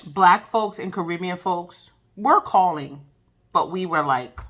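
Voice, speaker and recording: A woman's voice: on the low side, a little slow, a bit bright. A woman reviewing a documentary in a casual vlog, talking candidly with plenty of swearing and side tangents. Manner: candid, profane, digressive. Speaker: video reviewer.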